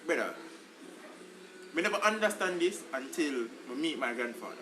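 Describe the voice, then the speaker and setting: A man's voice: a little high, moderate pace, background noise. A Jamaican man co-hosting a podcast, chatting in patois and calling everyone "brother". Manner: animated, lots of "brother", patois. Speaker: podcast co-host. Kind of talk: casual chat.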